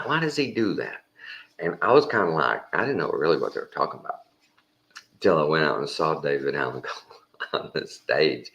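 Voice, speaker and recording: A man's voice: extremely low pitch, vocal fry, fairly bright tone. A man telling a rambling, folksy anecdote in a casual way, sprinkled with mild swearing. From Texas. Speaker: storyteller.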